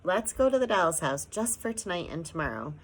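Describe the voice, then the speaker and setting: A woman reading an audiobook, voicing a tearful, excitable tiny girl who speaks breathlessly. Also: on the low side, a little fast, a little hiss or hum, voice pushed up. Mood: rapturous. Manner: breathless, rapturous.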